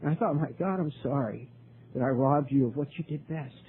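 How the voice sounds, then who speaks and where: An older man speaking at a recovery meeting, telling his story earnestly, with many halting restarts. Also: medium pitch. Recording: tinny lo-fi recording, faint hiss.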